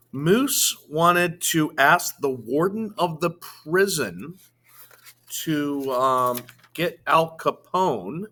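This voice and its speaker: A male teacher reads a novel aloud to his class, slowly and expressively, with fillers between phrases. His voice is bright and clear, and his pitch moves a great deal. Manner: slow, expressive reading with fillers. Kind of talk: reading a novel aloud to students.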